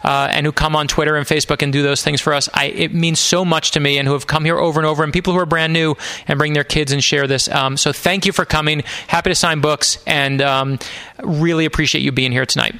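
A man's voice: a little high, fairly even intonation, fast, bright, forceful tone. A man giving an earnest, conversational talk to an audience at a bookstore event, acting out quoted dialogue with lots of fillers. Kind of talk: live storytelling talk to an audience.

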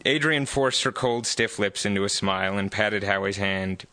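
A man reading his own novel aloud at a live bookstore event in steady narration. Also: on the low side, normal speed, hardly any pauses, dry recording. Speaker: author reading his book.

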